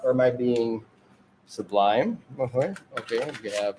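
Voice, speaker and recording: A man's voice: medium pitch, a little slow, dark tone, slight background noise. A man from the Detroit area hosting his own homemade magazine show, rambling through tangents with frequent chuckles and restarts. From Detroit area, Michigan. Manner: digressive, chuckling often, trailing off and restarting. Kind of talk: rambling casual monologue.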